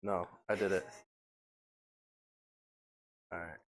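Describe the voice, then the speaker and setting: A man's voice: low-pitched, fairly even intonation, slow. A young man talking loosely on a livestream in a joking, slangy way. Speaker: streamer. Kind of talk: casual livestream chat.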